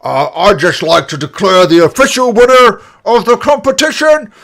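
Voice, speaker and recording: A man voicing an excitable male goblin announcer who stammers loudly at a high pitch. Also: normal speed. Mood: excited. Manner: stammering, loud and shrill.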